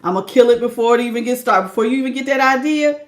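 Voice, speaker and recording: Laughing high-voiced woman tarot reader. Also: very fast. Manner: laughs often, slangy and playful; acts out imagined people's lines. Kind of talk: live tarot reading with chat greetings.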